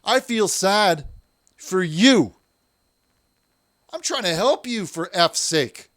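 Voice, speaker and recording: A man's voice: high-pitched, animated, slow, fairly bright tone, no room sound, studio quality. Self-righteous male call-in host. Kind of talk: comic call-in show hosting.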